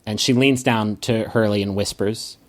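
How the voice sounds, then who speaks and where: Hesitant low-voiced male game master. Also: steady tone, normal speed. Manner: hesitant, full of ums and restarts. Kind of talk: narrating a tabletop game.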